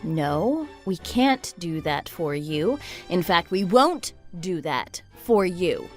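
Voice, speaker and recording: A woman voicing a level-headed young wife who narrates and argues calmly with her sister-in-law. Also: lowish voice, slow, soft background music. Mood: exasperated. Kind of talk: texting-story voice acting.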